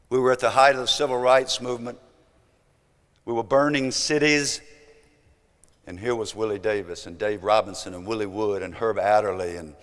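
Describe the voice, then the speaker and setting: A man in his seventies with a Southern US accent, telling an emphatic motivational story that swings from loud to hushed. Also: fairly low pitch, normal speed. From American South. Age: 70s. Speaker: speaker. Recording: long hall reverb.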